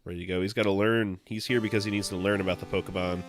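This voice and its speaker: A man from New England chatting casually while hosting a live game stream, laid-back and quick to chuckle. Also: low-pitched, steady tone, over music. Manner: laid-back, chuckles often, hesitant fillers. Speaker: streamer host playing a game.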